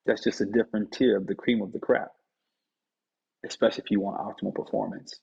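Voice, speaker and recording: Fast and steady in tone, his low voice is creaky, husky, and a little mellow as he delivers a motivational message directly to the viewer. He teases his listeners in a preachy, playful way, and the recording is dull lo-fi.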